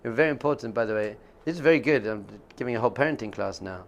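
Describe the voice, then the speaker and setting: A man's voice: medium pitch, lively intonation, very fast, lo-fi sound, slight background noise. A man teaching as a rabbi in an informal class, conversational and jokey, often laughing and acting out quotes.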